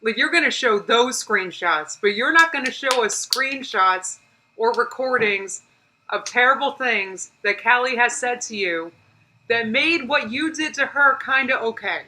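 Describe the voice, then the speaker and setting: A woman from the United States hosting a live reaction stream, with a bright, forceful voice pitched a little high. She talks back to the clip in exasperation, demands evidence and reads viewer comments aloud between laughs. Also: expressive, measured pace, a little hiss or hum, low-quality recording.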